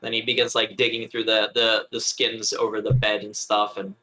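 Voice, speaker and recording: A man's voice: lowish voice, little pitch movement, moderate pace, bright, forceful tone, rough recording. A man playing a tabletop game, talking eagerly as he describes his character. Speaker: player. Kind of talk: casual tabletop play.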